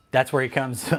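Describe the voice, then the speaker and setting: A man's voice: medium pitch, vocal fry, a bit bright. Profane, heated man ranting on livestream. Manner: heated, profane, repeats himself. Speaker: channel host. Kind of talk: angry livestream rant; casual livestream chat.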